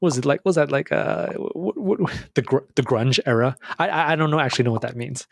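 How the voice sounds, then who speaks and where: Male podcast co-host, husky voice, dry close sound, casual and musing. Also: mid-range voice, brisk, no echo. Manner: musing, thinks aloud with restarts.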